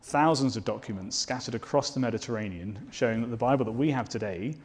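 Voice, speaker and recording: Male preacher, mid-pitched, earnest sermon delivery that builds to fervent declarations. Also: quick pace, slightly rough. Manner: rhetorical questions to the listeners.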